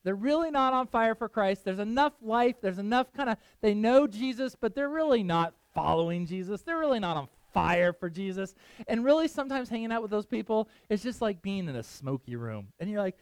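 A middle-aged pastor with a high-pitched, clear, resonant voice gives a casual sermon, speaking animatedly and fairly quickly. He chats with his listeners, asks them questions, and laughs often, and the recording has no room sound.

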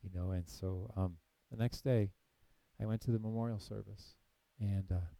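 A man's voice: fairly low pitch, steady tone, normal speed, creaky, mellow, dry recording, rough recording. A man in missionary work telling his personal faith testimony in an earnest storytelling way, acting out past conversations between frequent fillers. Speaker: missionary ministry leader.

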